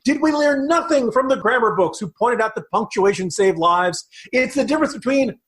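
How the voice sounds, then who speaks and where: A man's voice: very high voice, lively intonation, normal speed, a bit bright. A man co-hosting a political podcast, a writer delivering a theatrical, exasperated comic rant full of mock outrage.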